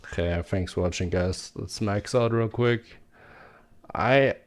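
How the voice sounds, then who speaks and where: A man's voice: fairly low pitch, unhurried. A young man streaming a game, out of breath and exasperated, chatting casually and trailing off. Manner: exasperated, trailing off, says bro. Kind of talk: casual live-stream chat.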